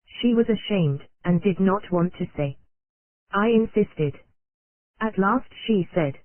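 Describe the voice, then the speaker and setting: An audiobook narrator reads an old psychology text in a steady, even, measured delivery. The sound is squeezed into a narrow, phone-like band. The recording is dry and close, with no room echo. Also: mid-range voice.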